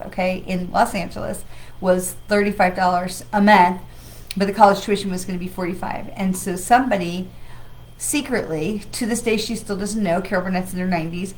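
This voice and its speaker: A woman's voice: mid-range voice, a little hiss or hum, poor audio. A woman hosting a weekly livestream as a psychic medium, talking in a chatty, rambling, enthusiastic way with an occasional cough from travel. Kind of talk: casual livestream talk.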